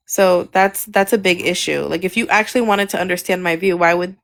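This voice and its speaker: Woman guest with a low voice, earnest and defensive, explaining her position at length. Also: steady tone, brisk, gravelly. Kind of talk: defensive debate on a livestream.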